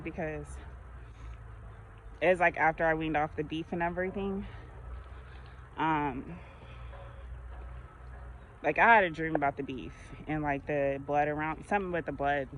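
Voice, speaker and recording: A woman's voice: low-pitched, fairly even intonation, normal speed, pauses often, fairly bright tone, highs cut off, a little hiss or hum. A woman vlogger chatting casually while walking outdoors, rambling through her stories and laughing often. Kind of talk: casual chat.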